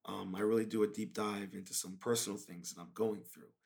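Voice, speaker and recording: A man's voice: lowish voice, steady tone, a little fast, vocal fry, darkish tone. A man hosting his own podcast, talking in a laid-back, rambling way with many fillers. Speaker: podcast host. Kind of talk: casual monologue.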